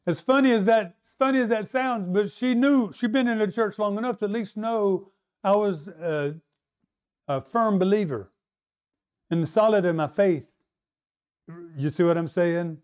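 A man's voice: very high-pitched, smooth. A man preaching, telling a personal testimony in an earnest storytelling way and speaking straight to his congregation. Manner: earnest storytelling, addresses audience directly. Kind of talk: sermon testimony.

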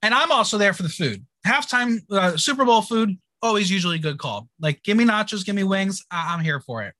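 A podcast host recaps an episode in casual chat, a man with a high-sitting, bright voice. He is quick and playfully sarcastic, and the sound is close and dry. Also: expressive, dry recording.

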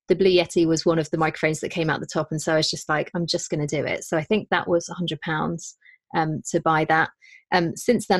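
Woman, low-pitched, dry close sound, chatty self-deprecating interview talk. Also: dry recording. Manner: chatty, self-deprecating, with frequent restarts and quoted asides. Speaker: podcaster and business owner. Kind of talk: casual interview chat.

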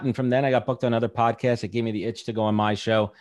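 A man's voice: mid-range voice, little pitch movement, fast talker. A man in his thirties talking candidly as a podcast guest, rambling with lots of fillers. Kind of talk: casual podcast chat.

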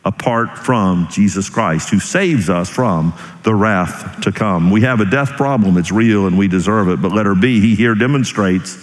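A male pastor preaching with great animation, leaping up high for emphasis and then dropping low and slow. His voice rings out with a long hall reverb, as in a church sanctuary. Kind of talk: sermon.

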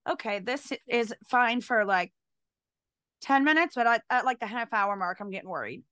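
A fairly high-voiced woman co-hosting a podcast. She is blunt and wry, and swears now and then as she chats. Her voice is recorded dry and close. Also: expressive, moderate pace, fairly bright tone, no echo. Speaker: podcast co-host, streamer. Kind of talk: casual podcast chat.

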